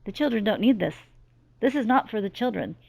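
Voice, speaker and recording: A woman's voice: medium pitch, lively intonation, a little fast, vocal fry, darkish tone, dry recording. A middle-aged woman speaking as a medium in a channeling monologue, earnest and emphatic, with lots of repetition. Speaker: spiritual medium.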